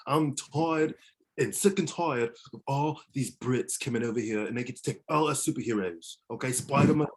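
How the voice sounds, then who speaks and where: A man's voice: medium pitch, normal speed. A man co-hosting a casual wrestling podcast who jokes around and swears, then laughs at himself. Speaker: podcast co-host.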